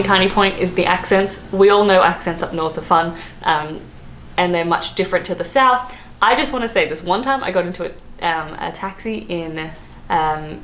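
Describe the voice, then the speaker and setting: A hungover Australian woman chatting casually to camera as a travel vlogger, full of fillers and quick laughs. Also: lowish voice, fairly bright tone. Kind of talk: casual vlog chat. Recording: roomy echo, faint background noise.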